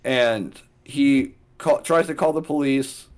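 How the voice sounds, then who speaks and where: A man's voice: mid-range voice, takes it slowly. Man thinking aloud on a podcast. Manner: thinks aloud and steers the story logic. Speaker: podcast co-host. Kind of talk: casual brainstorming chat.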